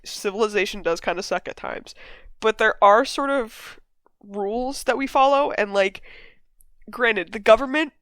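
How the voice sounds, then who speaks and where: A woman's voice: mid-range voice, fairly bright tone, no echo. A woman hosting a casual game discussion podcast, rambling with lots of fillers and casual swearing. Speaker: podcast host. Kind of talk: casual chat.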